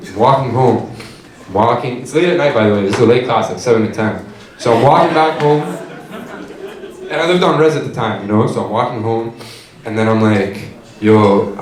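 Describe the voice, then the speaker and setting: A young man telling a profane, animated stand-up story on a comedy club stage. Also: medium pitch, a little fast, far from the mic. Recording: echoey club with crowd laughter. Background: audience laughter.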